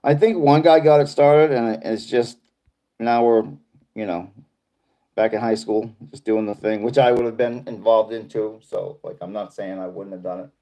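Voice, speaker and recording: A man's voice: fairly low pitch, fairly even intonation, normal speed, warm tone. A middle-aged man from Boston with a Boston accent, hosting a casual livestream and reading viewer comments in a rambling, laid-back way. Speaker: livestream host.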